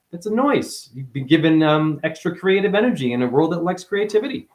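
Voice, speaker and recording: A man hosting a livestream, giving a rambling, profane, preachy spiritual monologue with sudden high, loud exclamations. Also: sing-song, brisk, hardly any pauses. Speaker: livestream host.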